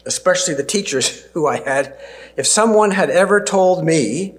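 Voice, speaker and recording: A man, preaching a sermon and telling stories earnestly, slowing down and dropping to a near-whisper for emphasis. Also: on the high side, expressive. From Canada.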